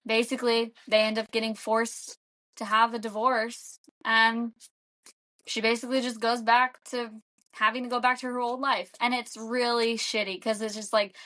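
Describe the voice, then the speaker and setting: A woman's voice: a little high, little pitch movement, moderate pace, bright, forceful tone. A young woman co-hosting a podcast, retelling a film in a loose, rambling way full of "like". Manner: rambling, fillers of "like" throughout. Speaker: podcast co-host. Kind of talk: casual chat.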